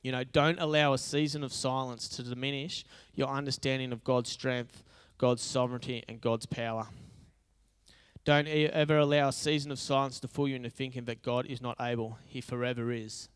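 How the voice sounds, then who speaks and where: A man's voice: medium pitch, fairly even intonation, moderate pace, smooth. A male pastor preaching a conversational, humorous sermon that builds into emphatic repetition.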